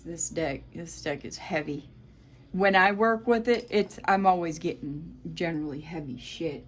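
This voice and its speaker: A woman's voice: on the low side, background noise. A woman with a Southern US accent giving a solo tarot reading, talking bluntly, swearing freely and addressing her viewers as Collective. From United States. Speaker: tarot reader.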